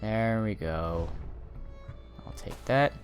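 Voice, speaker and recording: A man's voice: lowish voice, lively intonation, slow, music in the background. Rambling man streaming a game. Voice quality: rambling, self-interrupting. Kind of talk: casual gameplay commentary.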